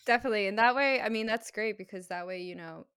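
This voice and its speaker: Woman, podcast host, chatty, quick to laugh, casual conversation. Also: medium pitch, fairly bright tone, clear, resonant tone. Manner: friendly, chatty, laughs easily. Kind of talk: casual interview chat.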